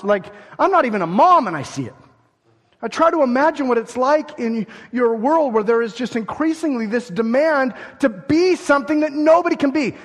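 Animated high-voiced preacher in a hall. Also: male voice, husky. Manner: animated, acts out everyday scenes, swings between loud and hushed. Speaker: pastor. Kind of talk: sermon. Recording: long reverb of a large hall.

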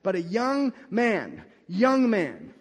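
Male pastor, high voice, sermon style; shifts from hushed reading to forceful preaching. Long hall reverb. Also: huge pitch swings, slow pace. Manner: swings between soft scripture reading and loud emphatic preaching.

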